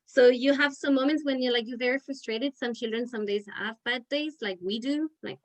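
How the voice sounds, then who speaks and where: A woman's voice: on the high side, moderate pace, low-quality recording. A woman teacher leading a parent education session over a video call, talking in a chatty, filler-heavy way. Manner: chatty, with many "like" fillers and restarts. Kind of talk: casual explanatory talk.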